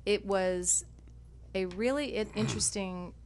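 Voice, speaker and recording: A woman's voice: medium pitch, unhurried, a little mellow. Female radio guest, bubbly and chatty, from Southern California, mid-range voice. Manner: bubbly, laughs easily. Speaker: guest, dialogue coach. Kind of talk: radio interview.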